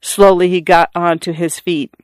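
Measured literary story reader. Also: medium pitch, level tone, no room sound. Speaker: narrator. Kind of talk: audiobook reading of a literary story.

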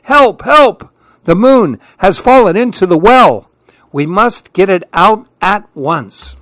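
A man's voice: expressive, a little slow, no room sound. A man doing an alarmed old monkey. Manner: loud high alarmed shouting. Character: oldest male monkey, alarmed elder.

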